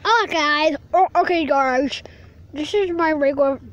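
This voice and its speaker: A woman chatting excitedly and bossily in a casual vlog, talking over the others. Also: high-pitched, a little slow.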